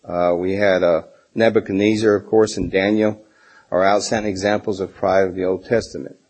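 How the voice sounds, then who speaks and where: Husky, rambling middle-aged man. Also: low voice, level tone, normal speed, a little mellow, low-quality recording. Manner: rambling, many fillers and restarts. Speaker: Bible class teacher. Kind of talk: informal Bible lesson with personal stories.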